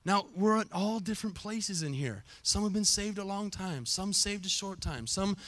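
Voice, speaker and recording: A man preaching a sermon to his church, impassioned, swinging from soft reflection to near-shouted, chanted exhortation. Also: high-pitched, expressive, moderate pace. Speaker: pastor. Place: church sanctuary.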